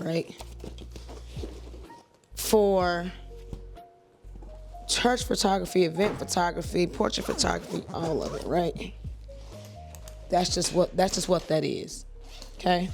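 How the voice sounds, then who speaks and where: A woman in her thirties, a church and wedding photographer, chatting to camera at home in a lively, rambling way. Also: on the low side, a little slow, gravelly, long pauses, soft background music. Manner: chatty, animated, digressive. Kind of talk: casual talk to camera.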